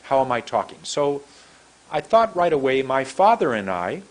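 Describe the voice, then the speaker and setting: A man's voice: medium pitch, sing-song, normal speed. A middle-aged man with a San Francisco American accent, telling a story as an English pronunciation teacher and demonstrating how he stretches his words. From United States. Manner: demonstrates mouth positions, stretching words long. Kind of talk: storytelling lesson to camera.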